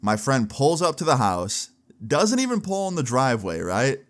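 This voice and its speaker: A young man in his late teens telling a personal story in a casual, animated way, acting out the quoted voices. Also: mid-range voice, normal speed. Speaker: storytelling vlogger.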